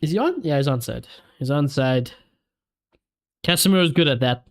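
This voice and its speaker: Male streamer, high voice, excitable live football watchalong host. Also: moderate pace. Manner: excitable, reacts to play and reads viewer comments aloud. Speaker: streamer hosting a match watchalong.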